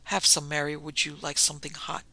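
A man's voice: on the high side, monotone, fairly quick, creaky, bright, forceful tone, exaggerated voice. A man reading the part of a brusque, domineering wealthy husband who talks in curt commands.

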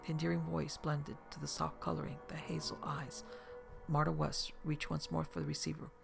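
A narrator reading a novel aloud in an even, measured storytelling manner. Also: medium pitch, creaky, music in the background. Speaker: audiobook narrator.

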